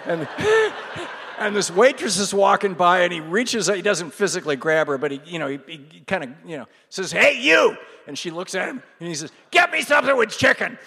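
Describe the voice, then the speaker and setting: A middle-aged man, a radio host, telling a rambling, animated story with many fillers and laughs at a live event in a large hall. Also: sits high, moderate pace, breathy edge. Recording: long hall reverb.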